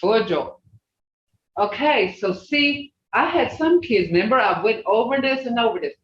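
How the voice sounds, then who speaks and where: A language teacher running an online class, folksy and plain-spoken, slowly repeating native words to drill their sounds. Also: mid-range voice, animated, a bit bright. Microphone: video call. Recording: distant, roomy, dull video-call audio with faint hiss.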